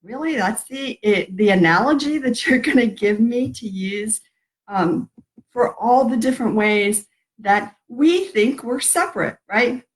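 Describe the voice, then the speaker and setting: A woman's voice: on the high side, unhurried, rough recording. Rambling woman live-streaming about love. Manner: rambling, warm-hearted, laughs at herself. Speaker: spiritual live-stream host. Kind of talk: casual live-stream talk.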